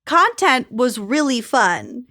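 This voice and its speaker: A woman's voice: a little high, big pitch swings, slow pace, sharp tone, no echo. Laughing podcast woman, dry close mic. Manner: laughs often, storytelling. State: pregnant. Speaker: podcast co-host. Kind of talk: casual chat.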